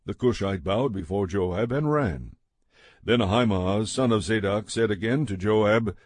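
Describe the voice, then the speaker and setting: Man giving a measured scripture reading. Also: lowish voice, darkish tone, no echo, clean studio sound. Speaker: scripture reader.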